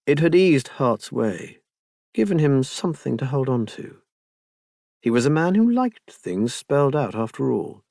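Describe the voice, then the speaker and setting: Expressive male audiobook narrator. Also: mid-range voice, a little slow, gravelly, no room sound, studio quality.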